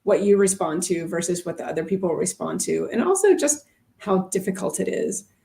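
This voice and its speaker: Chatty woman with a gravelly edge. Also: on the low side, animated, a little fast, mellow. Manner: chatty, thinks aloud with many fillers. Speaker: ESL teacher and co-host. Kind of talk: casual livestream chat.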